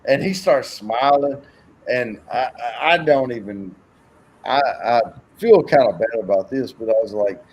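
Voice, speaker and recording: A man's voice: mid-range voice, animated, unhurried, darkish tone, slight background noise, poor audio. A man telling rambling, profane stories in a casual chat and acting out the voices in them. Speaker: co-host.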